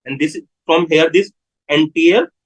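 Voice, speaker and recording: Husky-voiced man teaching a live class. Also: a little high, low-quality recording. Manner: repeats key phrases slowly, checks in with the class. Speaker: medical lecturer. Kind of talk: live online medical lecture.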